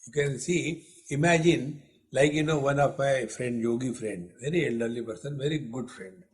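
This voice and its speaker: A man's voice: medium pitch, moderate pace. Male spiritual teacher, older, playful discourse with humorous stories. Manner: playful, teasing, acts out dialogue in stories. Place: lecture hall.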